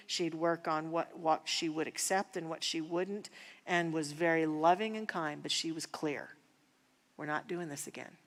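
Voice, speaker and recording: A woman minister teaching a spiritual class, speaking in an earnest, personal and unhurried way. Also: fairly low pitch, a bit bright, big-room sound. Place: church sanctuary.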